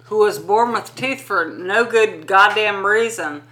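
A woman's voice: mid-range voice, measured pace, sharp tone. A woman co-hosting a horror podcast, telling a family story in casual chat and steering the talk back on topic. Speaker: podcast co-host.

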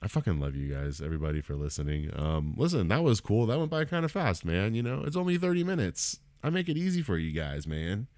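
Talking fast with hardly any pauses, this man has a lowish, sing-song, slightly mellow voice on a dry recording. He's a stand-up comedian doing a casual solo podcast monologue, profane, rambling, and self-deprecating.

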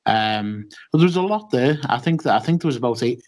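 A man's voice: medium pitch, animated, brisk, darkish tone. A man co-hosting a casual podcast chat, telling a long story with many ums and restarts. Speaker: podcast co-host.

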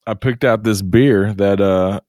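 A man's voice: on the low side, unhurried, a little mellow, no room sound, clean studio sound. A man co-hosting a podcast, telling crude stories in casual chat and laughing often. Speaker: podcast co-host.

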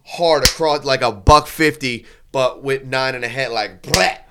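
A man telling a crude bar story in casual chat, acting out quotes loudly. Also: mid-range voice, fairly even intonation, moderate pace, a little hiss or hum.

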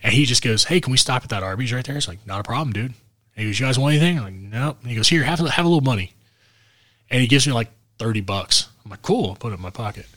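A man's voice: medium pitch, very fast, dry recording, studio quality. A man co-hosting a podcast, telling a casual road story and acting out what other people said. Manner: animated, acts out quotes of others. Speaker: podcast co-host.

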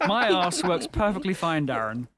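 A man's voice: high-pitched, big pitch swings, moderate pace, over a noisy crowd. A man hosting a podcast in casual chat, teasing and laughing often. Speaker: podcast host.

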